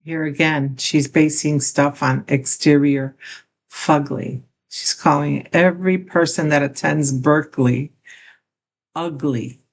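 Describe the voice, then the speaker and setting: A woman's voice: low-pitched, fairly even intonation, slow, gravelly. An older woman reacting to a clip, commenting in an indignant, critical way. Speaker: reaction video host. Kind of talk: casual commentary.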